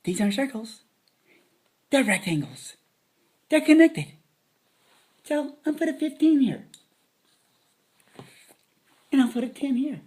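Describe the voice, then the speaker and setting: A woman's voice: sits high, big pitch swings, takes it slowly, pauses often, a little mellow, husky. A woman giving a playful math lesson to children, dropping silly jokes as she counts. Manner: silly, joking asides.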